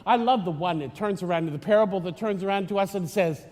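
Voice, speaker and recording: A man's voice: high-pitched, fast, hardly any pauses, a little mellow. A man giving a chatty, teasing homily as a priest, rambling with many restarts, recorded in a church. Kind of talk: conversational homily. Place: church in Florida. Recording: long church reverb.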